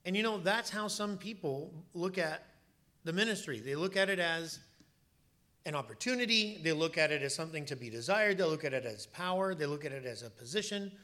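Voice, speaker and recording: A man's voice: fairly high pitch, lively intonation, brisk, pushed and bright. A male pastor preaching a sermon in a church, telling stories and stressing points by repeating words.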